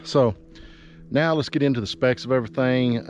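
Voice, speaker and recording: A man's voice: medium pitch, moderate pace, muffled recording, faint music behind. A man who has a cold, giving a casual, rambling walking tour of riverside land as a real estate agent. He is out of breath from climbing and sniffling. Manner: casual, folksy, rambling with fillers. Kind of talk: walking property tour vlog. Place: outdoors on wooded riverside land.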